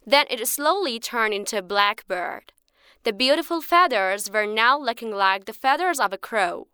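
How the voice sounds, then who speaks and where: A woman narrating a textbook short story in a clear, expressive, teacherly way. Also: fairly high pitch, moderate pace, dry recording, clean studio sound.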